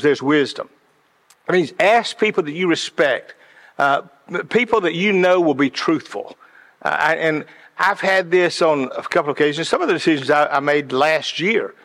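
A man's voice: fairly high pitch, a bit bright. A man giving a sermon-like talk about decisions, passionate and earnest, often repeating words as he builds a point. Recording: long hall reverb.

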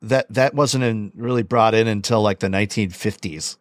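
A man's voice: lowish voice, normal speed, no room sound, clean studio sound. A man co-hosting a podcast in casual, rambling, enthusiastic chat. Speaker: podcast co-host.

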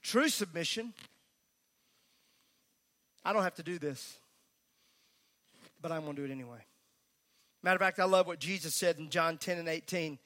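A man's voice: fairly high pitch, normal speed, pauses often, pushed and bright. A male pastor preaching a sermon at a church service, emphatic and conversational, with folksy asides.

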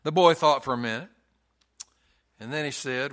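A man's voice: mid-range voice, normal speed, pauses often, a bit bright. A man preaching a sermon in a folksy storytelling way, hammering points home with emphatic repetition.

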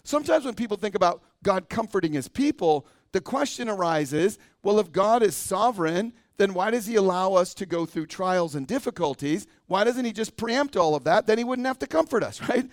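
A man's voice: high-pitched, expressive, normal speed, hardly any pauses, no echo, clean studio sound. A man preaching a sermon as pastor, talking conversationally and often checking in with a "right?". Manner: conversational, asks the congregation and adds "right?". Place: church sanctuary.

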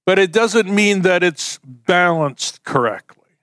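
A man delivers a sermon in a relaxed, conversational manner, like a pastor chatting with his congregation. His voice sits a bit high for a man and sounds smooth and clear. The recording is dry and close, with no room sound. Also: slow pace, no echo. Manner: conversational, folksy, with homespun illustrations.

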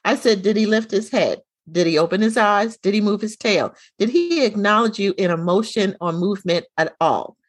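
A middle-aged woman co-hosting a casual chat, telling a lively story and acting out the dialogue. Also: mid-range voice, normal speed, hardly any pauses, no echo. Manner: animated storyteller, acts out quoted dialogue.

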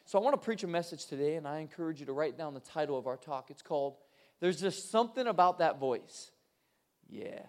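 Man, young adult, pastor, sermon, high-pitched, lively, joking, conversational.

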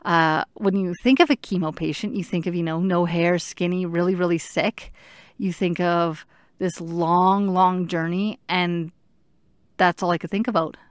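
A woman in her thirties telling her own story in an earnest, halting way, stopping to search for words. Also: on the low side, steady tone, clean tone, dry recording. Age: 30s. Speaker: patient sharing her story. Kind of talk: personal storytelling.

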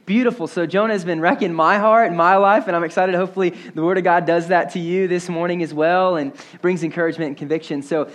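A young male pastor preaching in an easy, conversational way, peppering the sermon with fillers and jokes at his own expense. His voice sits a little higher than most men's. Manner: casual, conversational, self-deprecating humor with many fillers.

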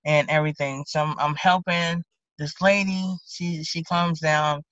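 A woman deputy with a Southern accent recounts a story from her job. Her voice is bright and pushing forward, and she animatedly plays both herself and the people she talks to. The recording is dry and a little dull. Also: low-pitched, unhurried, no room sound. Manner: animated, acts out both sides of conversations. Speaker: county deputy sheriff. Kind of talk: casual interview storytelling. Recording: dull lo-fi podcast audio.

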